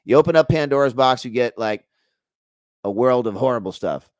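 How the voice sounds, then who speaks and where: In a clean, dry studio recording, a guest researcher chats casually with an interviewer. His mid-range voice moves at a moderate pace, and his manner is animated and full of jokes, with sentences that trail off and begin again.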